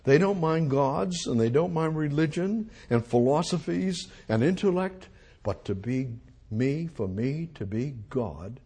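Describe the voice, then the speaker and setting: A man preaching a sermon, speaking as God in a calm, insistent, commanding way. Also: fairly high pitch, unhurried, husky, heavily acted.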